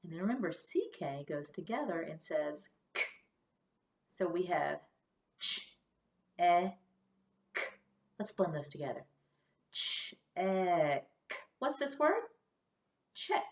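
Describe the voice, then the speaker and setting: A woman teaching a kindergarten phonics lesson, sounding out letters slowly and cheering the children on. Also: on the low side, vocal fry, reverberant. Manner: slow, exaggerated sound-by-sound modeling with lively praise.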